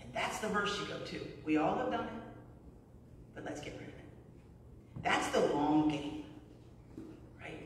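Fairly low in pitch but lively in intonation, a middle-aged female pastor speaks at a measured pace with long pauses, telling stories in a conversational sermon and frequently asking "right?" The sound comes from a distance in an echoing church sanctuary, with slight background noise.

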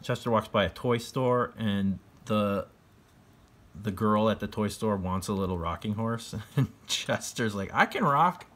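A man with a low voice retells a picture book in his own words, casual and loose. He rambles with fillers and restarts and chuckles often as he goes. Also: steady tone, measured pace. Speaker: book reader.

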